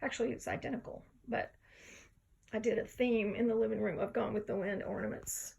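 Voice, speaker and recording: A woman's voice: fairly high pitch, fairly even intonation, fairly quick, gravelly, darkish tone, breathy edge. A tired woman, just up from a nap, rambling chattily at home in a casual vlog. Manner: rambling, chatty, drifts between topics. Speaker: vlogger. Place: home, indoors.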